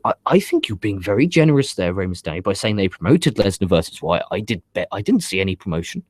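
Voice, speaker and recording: A man's voice: lowish voice, big pitch swings, quick pace, hardly any pauses, no room sound. A man hosting a wrestling review show, talking casually and ranting emphatically, with frequent swearing and repetition. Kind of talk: casual opinionated review with live comments.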